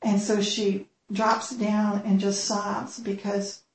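A woman speaks earnestly to a church gathering in a personal storytelling style. Her voice has a gravelly fry at a middling pitch. The room adds a noticeable echo. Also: flat delivery, slow, slight background noise.

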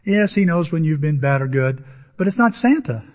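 A man's voice: fairly high pitch, lively intonation, moderate pace. A man from Southern Illinois preaching a conversational storytelling sermon, asking his listeners questions. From Southern Illinois, USA. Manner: conversational, asks the audience questions. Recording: dull recording in a reverberant hall.

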